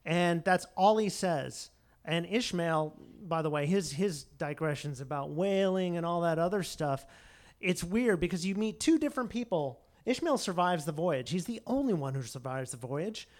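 A man's voice: a little high, expressive, normal speed. A man chatting casually, telling a story in a digressive, joking way and acting out the quotes. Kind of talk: casual chat.

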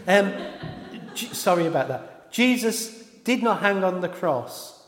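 A man's voice: high voice, expressive, unhurried, fairly bright tone, a little hiss or hum. A man preaching a sermon in an informal way, often stopping to correct himself and apologise. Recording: echoey hall with long reverb.

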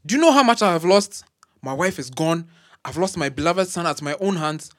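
A man's voice: on the high side, animated, brisk, fairly bright tone. A man playing a pompous grieving professor. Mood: bitter. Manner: formal, pompous, bitter. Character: grieving proud older male professor.

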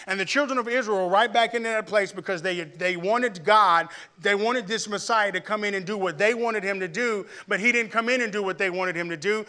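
A man from Arkansas preaching a sermon in church, telling a personal story and building to loud, emphatic preaching. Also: high voice, brisk, hardly any pauses. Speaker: pastor.

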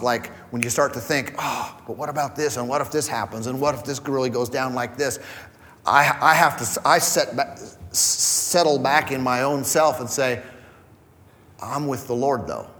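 A man's voice: medium pitch, a bit bright, big-room sound. A man preaching a conversational sermon as pastor, acting out quoted voices as he goes. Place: church hall.

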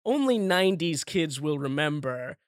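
A man's voice: on the high side, big pitch swings, a little slow, smooth, no room sound, studio quality. A man hosting a podcast, retelling a story in a playful, giggly way. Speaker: podcast host. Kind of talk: casual chat.

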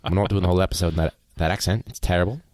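A man's voice: deep voice, racing, darkish tone. A man co-hosting a casual podcast, rambling and joking, speaking after a few drinks in a small home studio. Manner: rambling, jokey, laughs often. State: has been drinking. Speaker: podcast co-host. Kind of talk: casual chat. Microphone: podcast mic.

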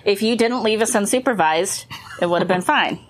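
A woman's voice: medium pitch, moderate pace. A woman co-hosting a casual film podcast chat, playful and teasing, often laughing. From California. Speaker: podcast co-host.

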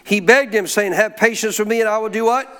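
A man teaching scripture in a folksy, informal way, prompting listeners to answer him out loud. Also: high-pitched, fairly quick, smooth. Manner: call-and-response, prompts listeners to answer aloud. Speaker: Bible teacher. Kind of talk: interactive Bible teaching.

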